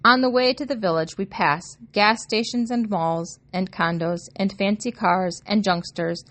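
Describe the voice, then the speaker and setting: A woman's voice: mid-range voice, measured pace, a bit bright. Woman reading an audiobook, wry and chatty, first person. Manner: wry, observant, conversational. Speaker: audiobook narrator.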